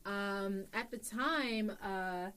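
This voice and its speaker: A woman's voice: mid-range voice, extremely slow, clear, resonant tone, soft background music. Young woman telling a wrestling story. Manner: animated, acts out quotes in story. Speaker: wrestler, interview guest. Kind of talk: casual storytelling interview.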